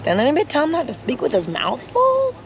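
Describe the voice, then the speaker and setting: A woman's voice: high voice, huge pitch swings, fast, lo-fi sound. Upbeat woman vlogging with noise behind. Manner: upbeat and chatty. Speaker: travel vlogger. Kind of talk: casual vlog chat.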